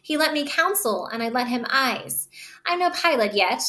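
A woman reading the part of an eager young man in love, devoted and earnest. The voice stays a woman's own, a little high, reading the old lines aloud and tripping over a word here and there. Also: lively intonation, normal speed, pushed and bright. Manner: reads the old verse aloud, stumbling on words.

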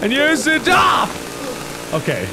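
A young man giving commentary on a horror game, drifting between low mutters and sudden yells. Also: sing-song, unhurried, background noise. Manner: jumpy, swings from mutters to yells. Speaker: gaming video host.

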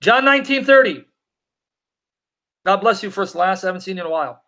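A man's voice: high-pitched, expressive, bright, forceful tone. A man teaching the Bible on a live Q&A stream, reading scripture aloud and answering viewer comments, emphatic and repeating his questions to drive each point home. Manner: reads scripture aloud in a slow, deliberate cadence.

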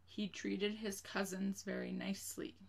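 A woman's voice: medium pitch, little pitch movement, a little slow, creaky. A woman teaching a children's spelling lesson, patiently spelling each word letter by letter and checking in with "okay?".

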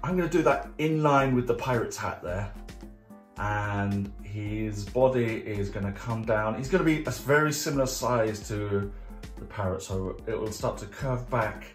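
In a roomy space with faint music, a man hosting a children's art club guides each step of a drawing. His voice sits on the low side at a measured pace, and his explanations are chatty, jokey, and playful.

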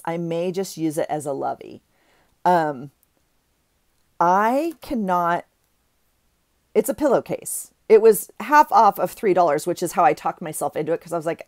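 Gushing low-voiced woman vlogger. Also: darkish tone, no echo, studio quality. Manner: gushing, rambling, self-interrupting. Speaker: craft vlogger. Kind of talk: casual haul chat.

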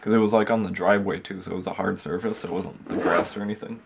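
A man's voice: deep voice, fairly even intonation, fast talker, vocal fry, a little hiss or hum. A young man vlogging to camera from his parked car at night, sleepy and chatty, rambling to his viewers. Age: young adult. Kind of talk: casual vlog talk to camera. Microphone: handheld camera.

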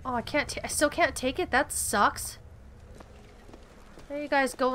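A young woman hosting a let's-play, chatty and quick to swear and get upset at the game. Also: sits high, steady tone, fairly bright tone, slight background noise. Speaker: gaming channel host. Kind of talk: casual let's-play commentary.

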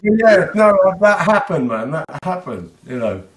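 A male musician, a guest in a casual chat, telling anecdotes in a halting, self-deprecating way. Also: high voice, sing-song. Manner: self-deprecating, halting with many fillers and restarts. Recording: echoey room sound.

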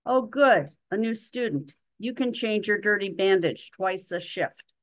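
A woman's voice: medium pitch, animated, unhurried, voice pushed up, natural voice. A woman voicing a scornful, hard-bitten woman nurse who talks bluntly and with contempt.

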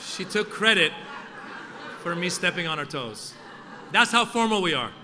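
A man's voice: high voice, expressive, moderate pace, sharp tone. A man from Iran, raised in Northern California, doing stand-up as an event host with playful, punchy delivery. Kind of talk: stand-up comedy at a formal event. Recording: echoey hall with faint noise.

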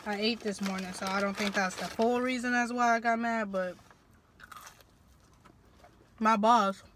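A woman's voice: medium pitch, fairly even intonation, unhurried, noisy background. A young woman vlogger talking casually while eating, venting about her day in a blunt, profane, slangy way. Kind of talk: casual venting mukbang chat.

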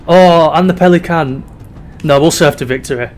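A young man with a rather high voice talks slowly while playing a video game, giving casual, sweary commentary. He's a gaming YouTuber, chatty and foul-mouthed, swinging between mock despair and fits of giggles.

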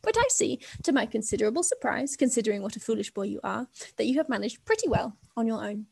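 A proud queen speaks in a brisk, teasing way that stays determinedly cheerful, as a woman reads her lines. The voice is a little higher and more forceful than a plain reading. It is a storybook read aloud at home. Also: sing-song, vocal fry, husky, heavily acted.

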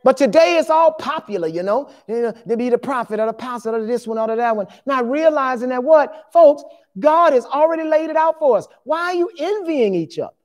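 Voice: sits high, animated, brisk, a little mellow. Emphatic preacher in their fifties. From Louisiana, USA. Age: 50s. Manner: emphatic, conversational preaching with dialogue asides. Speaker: pastor. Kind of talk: sermon.

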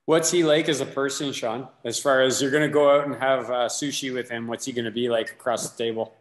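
A man's voice: mid-range voice, steady tone, a little fast, roomy sound. A man co-hosting a martial arts podcast on a video call, chatting and asking follow-up questions. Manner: conversational, asks follow-up questions. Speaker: podcast co-host. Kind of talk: casual conversation on a video call.

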